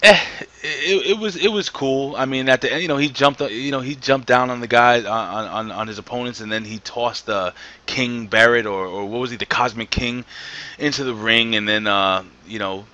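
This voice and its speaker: A man's voice: mid-range voice, normal speed, sharp tone, muffled recording. A man co-hosting a casual wrestling review, talking with enthusiasm and strong opinions, full of fillers and restarts.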